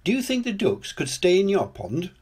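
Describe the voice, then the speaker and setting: An older man voicing a kind, patient adult woman builder in a children's storybook, explaining things gently. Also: sits high, huge pitch swings, moderate pace, husky, pitched above the performer's own voice, full character voice.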